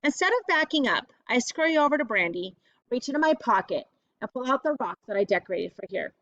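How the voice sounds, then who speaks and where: A woman narrates a first-person audiobook in a plain, earnest manner. Her voice sits a little high and sounds close and dry. The recording is somewhat dull and lo-fi. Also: sing-song, fairly quick, a bit bright, dry recording.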